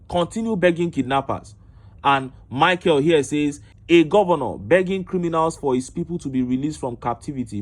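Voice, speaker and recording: A Nigerian-accented man with a fairly high voice reads out news reports and social media posts. He keeps stopping to fire off indignant rhetorical questions. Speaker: political commentator. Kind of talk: reading news and tweets with commentary.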